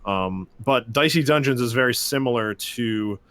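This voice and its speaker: A man co-hosting a gaming podcast, describing games in a measured way with hesitant fillers. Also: medium pitch, fairly bright tone, clean tone. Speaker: podcast co-host. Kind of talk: casual gaming chat.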